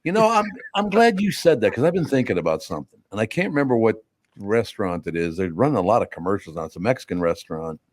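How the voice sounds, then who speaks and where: An older man hosts a talk radio show, his voice low and recorded close and dry. He rambles from one gripe to the next with an incredulous edge. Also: sing-song, fast talker, no echo. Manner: rambling, incredulous, mock accents for jokes. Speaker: radio host. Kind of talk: casual talk radio banter and live ad read.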